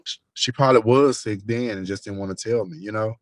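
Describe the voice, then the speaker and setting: On a phone call with his best friend, a man gossips, telling lively, profane stories in slangy talk. His voice is lowish and brisk, with no echo.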